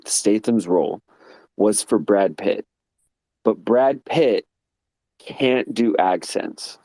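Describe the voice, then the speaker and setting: A man from Texas rambles through a casual online voice chat in a fairly low, sleepy voice, laughing and swearing as he goes. His phone mic sounds dry and close, with no room around it. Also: warm tone, dry recording. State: sleepy, getting ready for bed. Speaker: guest on a live audio chat room.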